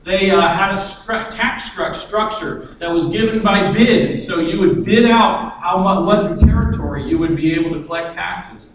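High-voiced preacher in an echoey hall. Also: male voice, normal speed, few pauses, background noise. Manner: animated, acts out quoted voices, chuckles often. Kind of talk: sermon. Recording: echoey room heard from a distance.

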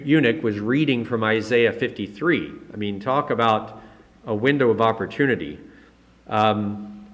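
A man giving a conversational sermon in a medium-pitched voice. He talks in a relaxed, chatty way with small self-corrections, then lifts his voice higher and louder to drive a point home. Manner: rises in pitch and volume to stress key points. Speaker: pastor.

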